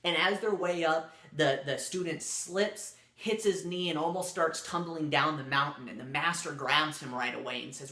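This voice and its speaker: Man, casual storyteller, bright voice, rambling delivery, roomy echo. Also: fairly high pitch, moderate pace, hardly any pauses. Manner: loose and rambling, many fillers and restarts.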